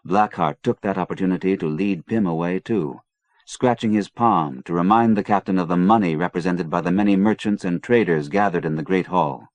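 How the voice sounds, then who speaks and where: A man narrating an adventure novel in a measured, even storytelling manner. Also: low voice, no room sound, dull audio. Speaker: audiobook narrator.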